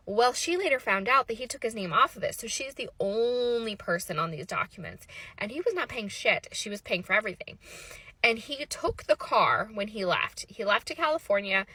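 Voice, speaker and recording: A woman telling her own story in a casual storytime monologue, animated and exasperated, swearing freely and laughing at the absurd parts. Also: medium pitch, slightly rough, no room sound.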